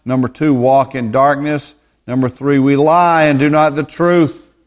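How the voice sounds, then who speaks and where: A man's voice: medium pitch, flat delivery, a little slow. Emphatic male Bible teacher, verse-by-verse sermon, hammers points by repetition. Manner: emphatic, repeats words for stress.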